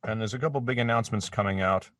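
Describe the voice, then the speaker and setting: Deep-voiced man rambling in a home studio. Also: very fast, fairly bright tone, no room sound. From Canada. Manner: rambling and self-deprecating, many restarts. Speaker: voice actor guest. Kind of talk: casual interview chat. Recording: dry, slightly distant mic.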